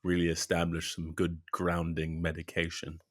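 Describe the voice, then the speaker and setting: A man's voice: sits low, monotone, moderate pace. A man co-hosting a podcast in casual chat, laid-back with short replies. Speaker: podcast co-host.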